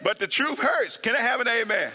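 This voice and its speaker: Animated laughing preacher man, high lively voice. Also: in a large hall. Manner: animated, laughing, shouts of woo, asks for amens. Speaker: pastor. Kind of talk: humorous sermon.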